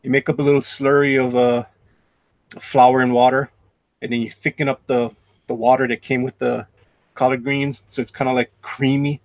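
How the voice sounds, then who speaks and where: A man's voice: medium pitch, little pitch movement, normal speed, dry recording. A middle-aged man chatting casually and rambling happily about home cooking. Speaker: live-stream artist. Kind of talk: casual chat.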